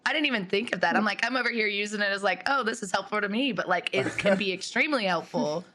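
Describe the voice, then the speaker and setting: A woman's voice: mid-range voice, fast talker, bright, forceful tone. A woman co-host chatting casually and reacting with enthusiasm. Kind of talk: casual chat.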